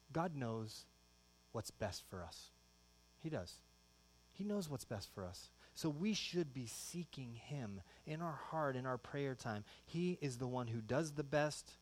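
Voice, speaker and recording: A male pastor preaching a sermon, shifting into animated storytelling and acting out everyday exchanges with his kids. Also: medium pitch. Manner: animated storytelling, acts out his kids' voices.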